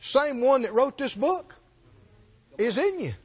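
A man's voice: very high voice, sing-song, takes it slowly, breathy edge. A middle-aged man preaching a sermon, telling a story and rising to stress his key points. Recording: dull lo-fi sermon recording.

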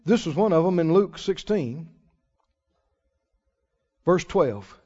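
A man preaching a sermon as pastor, folksy and emphatic, with sudden loud swells and drawn-out words. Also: high-pitched, animated. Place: church sanctuary. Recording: muffled recording in a reverberant church hall.

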